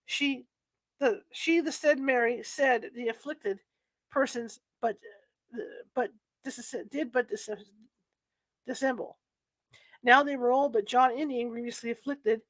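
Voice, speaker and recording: A woman with a slightly high voice reads from a history book, halting and correcting herself as she works through archaic phrasing. The sound is dry and close, with almost no room in it. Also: no echo. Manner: halting, stumbles and restarts over old-fashioned wording. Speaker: reader. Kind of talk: reading aloud from a history book.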